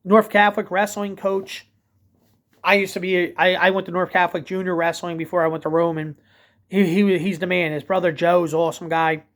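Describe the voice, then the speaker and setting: A man with a thick Philadelphia accent rambles through a casual late-night vlog rant. His voice sits high for a man, and he strings thoughts together with constant fillers and self-corrections. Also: flat delivery, brisk, a bit bright. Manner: rambling, heavy with "like" fillers and restarts. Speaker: vlogger and DJ.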